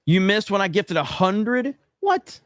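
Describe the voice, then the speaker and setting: A man's voice: fairly high pitch, moderate pace, no echo, clean studio sound. Swearing, exasperated man hosting a livestream. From United States. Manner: profane, exasperated, joking. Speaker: livestream host. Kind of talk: casual livestream chat reading super chats.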